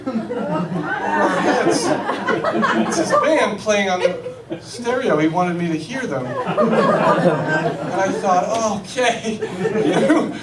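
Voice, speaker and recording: A man doing stand-up, telling a rambling, self-mocking story in an animated way. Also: sits high, takes it slowly, long pauses, very noisy. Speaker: stand-up comedian. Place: comedy stage before a live audience. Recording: echoey live venue, mic at a distance, loud crowd. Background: audience laughter.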